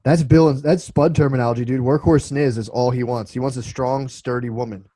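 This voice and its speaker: A man's voice: mid-range voice, fairly even intonation, brisk, warm tone, dry recording, rough recording. A man in his twenties co-hosting a casual podcast, telling loose, profane stories full of restarts. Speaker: podcast co-host.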